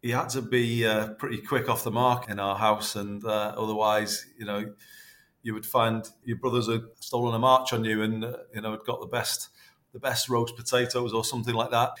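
Chatty man, low voice. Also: flat delivery, moderate pace, fairly bright tone. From North West England. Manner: chatty, rambling with many restarts. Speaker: podcast guest. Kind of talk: casual interview reminiscing.

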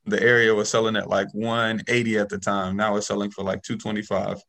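A man guest telling a story about starting in real estate in a casual, animated way, often checking in with "okay?" and "right?". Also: on the low side, a little fast, vocal fry.

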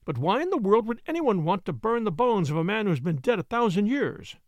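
A man's voice: high voice, big pitch swings, brisk, a little mellow, no echo. A man voicing a bewildered horse trainer asking questions, read from a storybook. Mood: puzzled.

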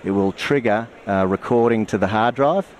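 A man's voice: fairly low pitch, moderate pace, a little mellow, slight background noise. An Australian man being interviewed on a radio show, explaining things plainly, with many fillers and restarts. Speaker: guest, security company marketing manager.

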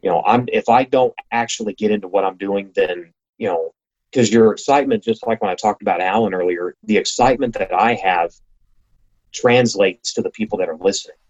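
A man with a lowish voice talks as a guest in a relaxed interview. He speaks eagerly in quick bursts and restarts himself often. The sound is dull and lo-fi. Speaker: racing announcer, interview guest. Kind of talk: casual conversation.

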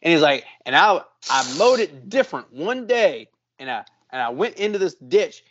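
A fairly high-voiced man tells a rambling story, swearing constantly and animated as he goes. The sound is a little dull and lo-fi, like a modest podcast setup. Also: normal speed, a little hiss or hum. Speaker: podcast co-host. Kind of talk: casual storytelling.

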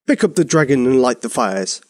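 A man's voice: mid-range voice, big pitch swings, a little fast, no echo, studio quality, close to an everyday voice. A man playing a grumpy, bossy storybook king. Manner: huffy, commanding, spluttering.

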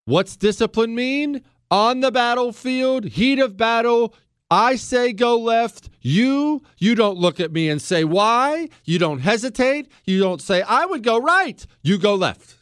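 A man's voice: very high voice, animated, measured pace, smooth, no echo, clean studio sound. A man hosting a radio talk show, delivering a fired-up political monologue full of rhetorical questions. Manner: heated, emphatic, rhetorical questions.

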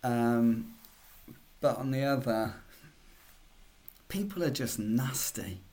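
A man's voice: medium pitch, takes it slowly, a little mellow. Chatty man, podcast co-host. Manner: chatty, hesitant, many restarts and fillers. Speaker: podcast co-host, football journalist. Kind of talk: casual podcast chat.

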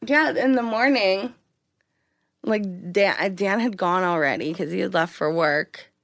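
A woman casually telling a personal story in an interview, acting out quoted lines with big jumps in pitch. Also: measured pace, no echo, clean studio sound. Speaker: interview guest.

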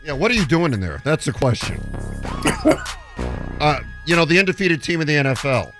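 A man's voice: fairly high pitch, a little fast, over music. A man hosting a sports radio show who tells jokey stories and steers the talk between segments. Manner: lively, jokey, leads the segments. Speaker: radio host.

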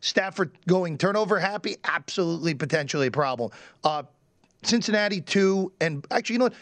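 A man co-hosting a sports betting show, relaxed and measured. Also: high-pitched, no room sound. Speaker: co-host.

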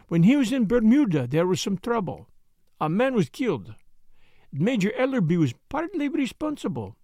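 A self-assured Belgian sleuth with a French accent, put on by a man reading an audiobook. He pokes with precise, needling questions, his pitch lifting high and swinging widely, over a gravelly edge in a dry, close sound. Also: no echo, full character voice. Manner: precise, needling questions with sudden sharp jabs. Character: shrewd middle-aged Belgian detective, probing and self-assured. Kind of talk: audiobook character voice.

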